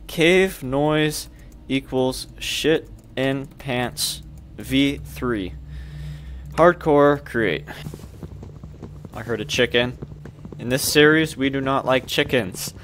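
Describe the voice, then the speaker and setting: A man's voice: medium pitch, takes it slowly, pauses often, a bit bright, slight background noise. A young man commentating his own horror gameplay, jumpy and swearing, with panicky outbursts. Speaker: gaming youtuber.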